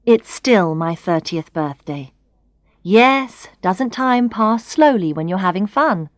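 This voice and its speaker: Clear, expressive female narrator for a learners' story; dry studio sound. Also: mid-range voice, slow pace, no echo. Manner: expressive, clear, first-person reading.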